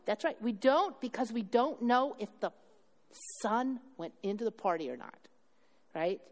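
A woman's voice: fairly high pitch, lively intonation, unhurried, a little mellow. A woman pastor delivering a sermon, retelling a story with acted dialogue and questions to her congregation. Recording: long hall reverb.

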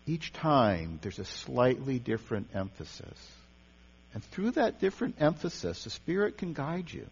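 A man preaches in a casual, conversational way, his voice rising and falling with lively pitch. He often repeats and restarts his words. The sound is dull and lo-fi, with a long hall reverb and a faint electrical hum. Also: measured pace, breathy edge. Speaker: pastor or teacher leading a service. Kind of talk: sermon on meditation.

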